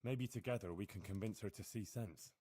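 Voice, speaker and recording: An actor voicing a young, dutiful medieval hero who speaks earnestly and plainly in a video game. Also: male voice, fairly low pitch, a little fast, dark tone, close to an everyday voice.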